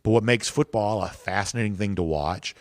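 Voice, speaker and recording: A man hosting a sports podcast, talking in a measured, analytical and emphatic way. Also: lowish voice, dry recording. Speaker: podcast host.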